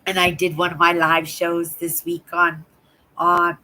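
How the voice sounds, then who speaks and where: An older woman with a hoarse voice, chatting in a rambling way on her live stream from home and repeating words. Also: lowish voice, completely flat delivery, unhurried, bright, forceful tone, rough recording. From Canada. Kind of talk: casual chat. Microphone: laptop.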